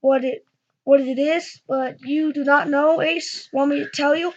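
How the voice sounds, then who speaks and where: A woman hosting a reaction channel, talking in an excitable, chatty and rambling way. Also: sits high, a little slow, highs cut off. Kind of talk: casual reaction chat.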